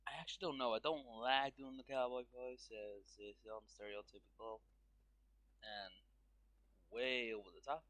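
A man's voice: mid-range voice, steady tone, unhurried, fairly bright tone, no room sound. A man giving casual, rambling commentary while playing a video game, often restarting his sentences and leaning on fillers. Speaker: gaming YouTuber.

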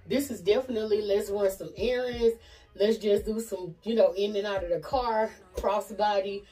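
Friendly, chatty Southern woman who calls the viewers "y'all" and "honey"; mid pitch, a little far from the mic. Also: dark tone. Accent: Southern American. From Nashville, USA. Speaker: fashion vlogger. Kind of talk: casual try-on chat to camera.

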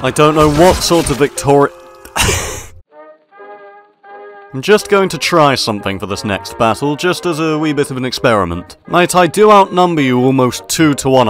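A man giving in-character gameplay commentary, with mock-pompous officer-style banter. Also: mid-range voice. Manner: mock-pompous upper-class officer banter, laughs at own jokes. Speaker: gaming video creator. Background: faint background music.

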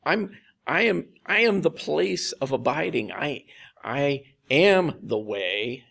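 A man's voice: fairly high pitch, expressive, slow, vocal fry, fairly bright tone, exaggerated voice. A man voicing Jesus as a patient, mildly exasperated teacher, in casual, emphatic paraphrase during a sermon. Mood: reassuring.

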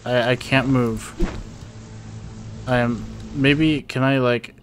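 A man's voice: medium pitch, fairly even intonation, takes it slowly, over music. A young man giving rambling, nervous let's-play commentary to his viewers, often panicking and talking to himself. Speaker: gaming YouTuber.

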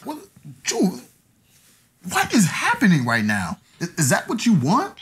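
An actor playing a hurt ex-fiancé who swings from low, quiet words to cracking shouts. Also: male voice, wildly swooping pitch, measured pace, exaggerated voice. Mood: heated, wounded. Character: hurt ex-fiancé, proud and wounded. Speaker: jilted ex-fiancé. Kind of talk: romantic drama acting.

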